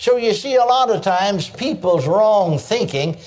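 Man, preacher, sermon, fairly high voice, mellow tone, emphatic, calls for amens. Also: animated, a little slow. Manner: emphatic, exclamations of praise; calls for audience response.

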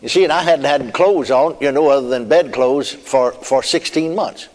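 This preacher speaks at a medium pitch and a moderate pace, sharing his testimony like a homespun story, laughing softly and adding amens along the way. It's a sermon testimony captured with long, hall-like reverb.

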